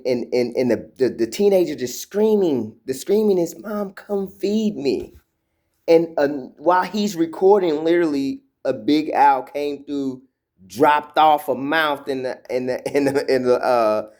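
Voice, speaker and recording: A man casually telling a personal spiritual story, rambling with many fillers and repeated words, acting out quotes as he goes. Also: on the high side. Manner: retells quotes in a lively animated way.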